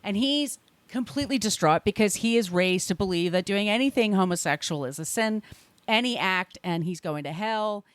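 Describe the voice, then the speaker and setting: Female podcast co-host, mid-pitched, chatty recap voice that slips into quoted lines, recorded dry. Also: normal speed, no echo. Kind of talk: casual chat recapping a film.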